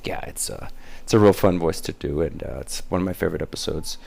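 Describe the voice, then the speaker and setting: A man's voice: sits low, fast, creaky, heavy background noise. A man, the show's creator and host, giving rambling behind-the-scenes commentary full of fillers and restarts.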